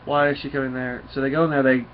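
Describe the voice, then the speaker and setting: A man rambles through a comic book recap, pausing often and restarting his sentences. His voice sits at a middle pitch. The recording is dull and lo-fi, with a faint hiss behind it. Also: level tone. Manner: rambling, full of fillers and restarts.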